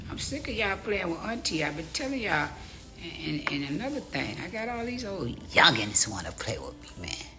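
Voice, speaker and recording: A middle-aged woman ranting on a phone live stream, brash and profane, swinging between hushed whispers and loud exclamations. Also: low-pitched, creaky. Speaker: social media personality. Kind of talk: casual live-stream rant.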